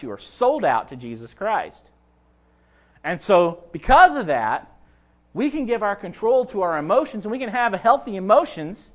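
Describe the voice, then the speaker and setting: A pastor preaching a sermon, talking conversationally and addressing his listeners directly. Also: high voice.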